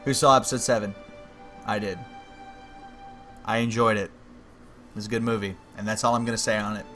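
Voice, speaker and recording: A man livestreaming a fantasy game, reading the game's text aloud with slow, measured narration and breaking off into wry, joking asides. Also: lowish voice, steady tone, a bit bright, soft background music. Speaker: game streamer.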